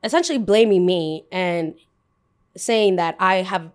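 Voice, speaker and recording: Young woman host, casual storyteller, animated, voices the people in her story. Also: lowish voice, measured pace, smooth. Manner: animated, acts out both sides of a dialogue. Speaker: podcast host.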